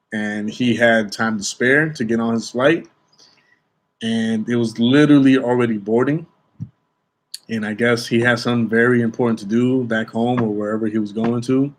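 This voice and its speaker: A young man chats casually about his job in airport security. He rambles a little, restarts his sentences and keeps checking in with his audience. His voice sits at an ordinary middle pitch. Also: fairly bright tone. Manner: chatty, repeats "okay?" and restarts often. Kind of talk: casual storytelling vlog.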